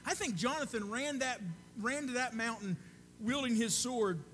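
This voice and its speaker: A man preaching a sermon in an earnest, conversational way, often dropping to a soft hush. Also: extremely high pitch, moderate pace, a little hiss or hum.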